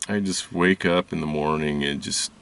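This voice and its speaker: Man, very low gravelly voice, rambling personal storytelling host, recorded from a distance. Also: a bit bright. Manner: halting, rambling, many restarts and fillers. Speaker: spiritual video host. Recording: voice distant from the mic.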